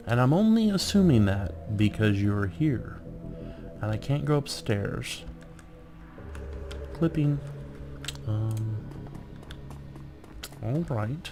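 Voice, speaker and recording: A man's voice: fairly low pitch, animated, slow pace, pauses often, over music. A man hosting a let's play, reading game text aloud and wisecracking sarcastically.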